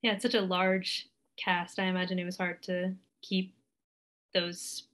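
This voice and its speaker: A woman's voice: on the low side, level tone, unhurried, a bit bright. A woman, an author hosting a casual interview, asking her guest questions and adding short encouraging murmurs. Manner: brief encouraging backchannels. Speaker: author and host.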